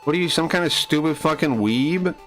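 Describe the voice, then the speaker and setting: A man streaming live, answering chat in a combative, mocking and crude way, sometimes dropping to low mutters. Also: brisk, fairly bright tone, soft background music. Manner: drops to low muttering asides. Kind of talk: casual live-stream rant.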